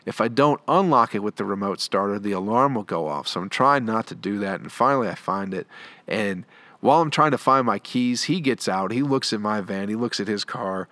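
A man's voice: on the low side, lively intonation, brisk, pushed and bright, no room sound. Laid-back man telling a profane story. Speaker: comedian. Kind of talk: storytelling monologue.

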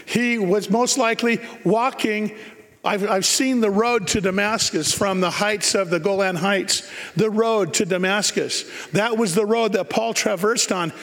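A man's voice: high-pitched, unhurried, fairly bright tone, in a large hall. A man preaching a sermon, emphatic and repeating key phrases for effect.

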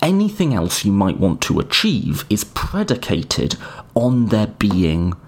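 A man's voice: on the low side, wildly swooping pitch, takes it slowly. A man giving a casual, informal lecture on political ideas and answering listener questions, hedging often and swearing now and then. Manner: occasionally swears.

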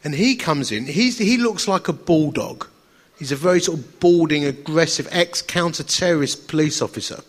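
A man, an evangelist telling a funny story to an audience in a lively, self-mocking way and acting out the dialogue. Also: on the high side, moderate pace, breathy edge, big-room sound.

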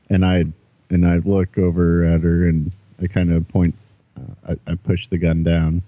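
Guy with a really low mellow voice, earnest pleading in a tabletop game, kinda husky. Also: dull audio. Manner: earnest, persuasive, with some hesitation. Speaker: player. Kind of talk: in-character tabletop role-play.

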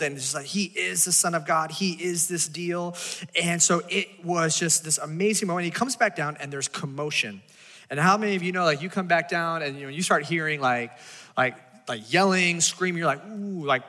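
Animated pastor preaching in a hall. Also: male voice, a little high. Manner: casual, animated storytelling with acted-out voices. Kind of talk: sermon.

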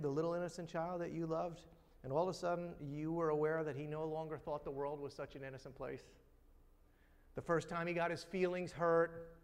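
A middle-aged man preaching a sermon, telling stories and building to repeated rhetorical questions. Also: fairly high pitch. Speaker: pastor. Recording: long reverb of a large hall.

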